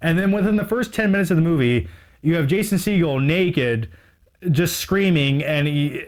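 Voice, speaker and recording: A man's voice: a little high, normal speed. A talkative man with a voice sitting a little above the usual male range, chatting about his shelf in an off-the-cuff, rambling way. He sounds eager and mocks his own slip-ups as he goes. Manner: rambling, enthusiastic, self-mocking. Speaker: movie collector showing his shelf. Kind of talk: casual unscripted video.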